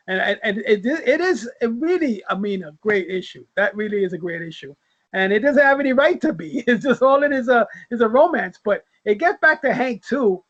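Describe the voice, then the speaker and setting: A man with a fairly high voice speaks as a guest on a comic book discussion. His audio sounds dull and lo-fi. He laughs often and repeats words while he gathers his thoughts. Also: expressive, brisk, fairly bright tone.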